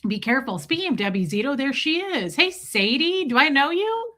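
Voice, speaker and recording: A woman's voice: sits high, sing-song, a little fast, bright, forceful tone. A woman hosting a casual livestream, chatting and teasing as she greets viewers one by one. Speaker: livestream host.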